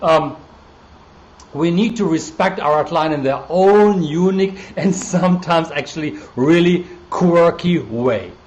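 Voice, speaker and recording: Chatty German-accented man, fairly high voice. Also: measured pace, a little mellow, a little hiss or hum. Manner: chatty, greets viewers by name, laughs often. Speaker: coach hosting a live stream. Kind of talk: casual live-stream talk.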